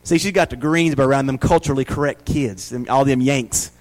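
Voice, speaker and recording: A man's voice: mid-range voice, a little fast, poor audio. A man in his forties with a Southern US accent, preaching a folksy sermon full of rhetorical questions. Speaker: pastor.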